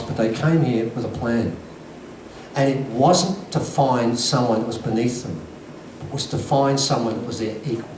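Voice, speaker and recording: A man with a mid-range, slightly mellow voice gives a storytelling lecture to a conference audience, earnest and emphatic. Captured from afar in an echoey hall, the audio has a little hiss or hum.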